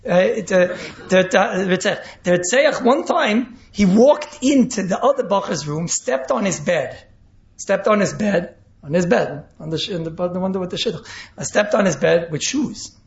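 A male rabbi teaches an animated Torah class and acts out what people say. His voice sits high and carries a gravelly edge. The recording is roomy and echoey, with a muffled, lo-fi sound. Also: normal speed. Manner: animated, acts out quotes, mixes in Yiddish and Hebrew terms. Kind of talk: Torah class on speech ethics. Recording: echoey room, dull lo-fi sound.

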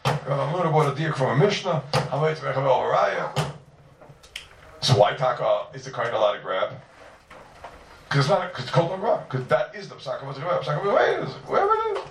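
Male Talmud teacher, lively sing-song delivery, gravelly tone, roomy room sound from a distance. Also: a little high, brisk, slight background noise. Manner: animated, sing-song, stresses key words. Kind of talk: yeshiva-style Talmud lecture. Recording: roomy, from far off.

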